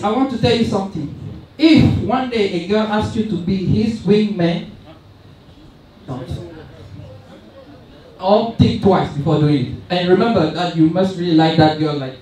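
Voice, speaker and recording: A man's voice: sits high, animated, a little slow, long pauses, a little mellow, slight background noise. A young man doing a stand-up comedy set, chatty and self-mocking, telling loose stories with many asides. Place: large event hall with audience. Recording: echoey hall recorded from far off.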